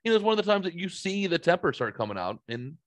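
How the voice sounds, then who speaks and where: A man's voice: high voice, sing-song, quick pace, dry recording. A man hosting a casual podcast chat, joking crudely and laughing often. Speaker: podcast host.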